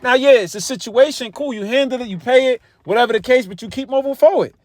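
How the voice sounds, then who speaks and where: A man's voice: very high voice, fast, no room sound. A man preaching in a loose, conversational way, full of cursing and repeated words. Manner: profane, repetitive, conversational. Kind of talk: street-style Bible teaching.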